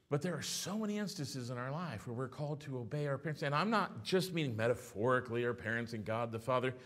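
A middle-aged man preaching a sermon as pastor, telling stories with animated swings between hushed and loud delivery. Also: on the high side.

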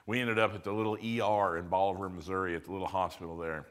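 A male pastor telling a personal story in a sermon, conversational, moving between loud emphasis and hushed moments. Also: deep voice, steady tone, fast.

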